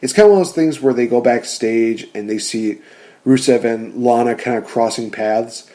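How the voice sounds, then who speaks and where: A man's voice: medium pitch, moderate pace, warm tone. A young man casually narrating an imagined wrestling storyline, rambling with lots of fillers. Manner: rambling, lots of fillers like "you know" and "just". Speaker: wrestling fan rebooking storylines. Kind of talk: casual solo commentary narration.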